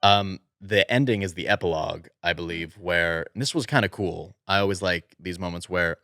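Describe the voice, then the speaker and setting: A man's voice: deep voice, normal speed, fairly bright tone, no echo, studio quality. An American man co-hosting a podcast, chatting casually and animatedly while quoting characters in playful voices. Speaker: podcast co-host. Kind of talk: casual chat.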